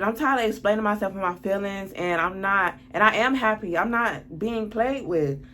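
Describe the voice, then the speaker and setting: A woman's voice: medium pitch, moderate pace, fairly bright tone, slight background noise. A woman telling a storytime vlog, reading text messages aloud, blunt and exasperated, swearing often. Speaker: lifestyle vlogger.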